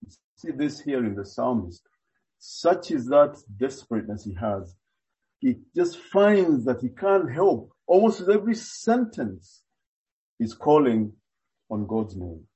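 A man preaching a sermon, expounding earnestly and deliberately, with frequent hesitations. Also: on the high side, very animated, mellow, lo-fi sound.

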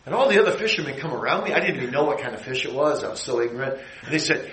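A middle-aged man preaching a sermon, building his phrases to emphatic high peaks and then dropping low. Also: rapid-fire, few pauses, a bit bright, echoey room, low-quality recording.

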